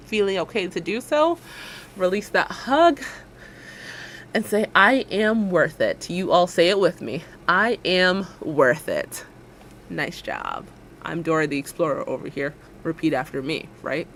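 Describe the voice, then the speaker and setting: A playful, encouraging woman, talking casually to her livestream audience. Her pitch swings widely as she chats, and she laughs often. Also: a bit bright. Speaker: streamer.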